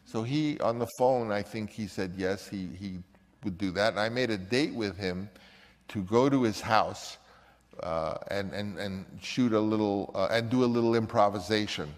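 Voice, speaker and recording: An older man with a lowish voice tells a story in an animated way, now and then slipping into other people's voices. A long reverb trails after his words. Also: moderate pace. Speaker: filmmaker recounting a story. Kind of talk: anecdotal storytelling.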